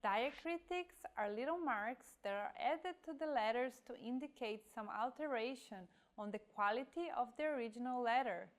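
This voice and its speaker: A woman's voice: on the high side, lively intonation, moderate pace, hardly any pauses. A woman narrating a scripted language lesson, carefully demonstrating example words one at a time. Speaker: language teacher.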